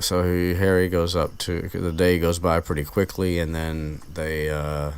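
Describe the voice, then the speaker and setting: Slow, low-voiced rambling man. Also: little pitch movement, clear, resonant tone. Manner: rambling, many fillers and restarts. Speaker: podcast host recapping a book. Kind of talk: casual chat.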